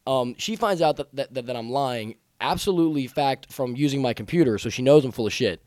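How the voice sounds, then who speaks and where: Fast-talking man telling a rambling story. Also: medium pitch, lively intonation, darkish tone, no echo, clean studio sound. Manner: fast, rambling, self-mocking, profane, acts out quotes. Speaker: podcast co-host. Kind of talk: casual comedic storytelling.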